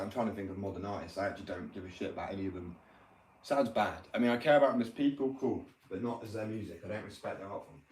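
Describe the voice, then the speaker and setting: In an echoey workshop room, a man in his 20s with a medium-pitched voice chats casually, rambling, cursing, and offering opinions. He sits far from the mic, with music and slight background noise behind him.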